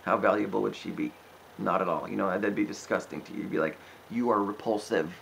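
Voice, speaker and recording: A man's voice: low voice, steady tone, fast talker, vocal fry, fairly bright tone, slight background noise, rough recording. A man preaching informally and fervently, exhorting his listeners, rambling with restarts and frequent asides. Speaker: preacher answering questions.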